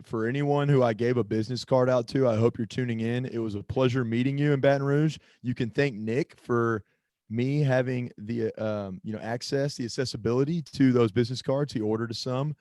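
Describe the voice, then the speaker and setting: A man's voice: medium pitch, steady tone, fairly quick, a little mellow, dry recording. A man co-hosting a casual sports podcast, rambling and often stopping to search for a name or lose his thread. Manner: rambling, self-interrupting, loses his train of thought. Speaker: podcast co-host.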